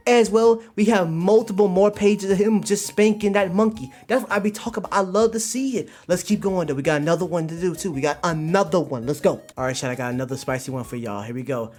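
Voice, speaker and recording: A man streaming live, telling stories in an animated, slang-filled way with big swings in pitch and loudness. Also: fast talker, few pauses, soft background music. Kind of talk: casual live-stream commentary.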